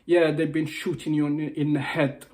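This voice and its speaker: This is an upset male motivational speaker in an impassioned personal video message, nearly crying as he pleads, repeats himself and begins phrases again. The voice sits on the high side with a darkish tone, little pitch variation and a normal speed.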